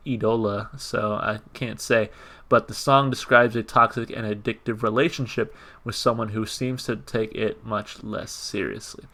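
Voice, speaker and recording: A man's voice: mid-range voice, vocal fry. A man hosting a music reaction video, chatting casually and picking apart song lyrics, with many fillers and repeated words. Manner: conversational, frequent fillers and repeats, reads lyrics in a flat tone. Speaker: music reaction channel host. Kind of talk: casual commentary, reading lyrics aloud.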